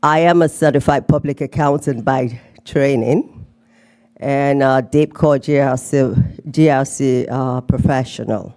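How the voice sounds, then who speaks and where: A woman's voice: a bass voice, measured pace, a little mellow. A middle-aged woman from Nigeria with a Nigerian and slightly British accent, giving a playful conference keynote talk. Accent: Nigerian with some British. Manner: playful, teasing the audience. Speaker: keynote speaker. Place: conference hall.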